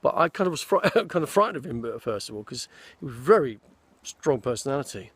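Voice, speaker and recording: A man's voice: mid-range voice, big pitch swings, fast talker, husky, dry recording. A man in his sixties, an actor casually telling rambling stories of his film career outdoors in a forest. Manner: rambling, meandering storytelling with restarts. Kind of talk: casual anecdotal chat.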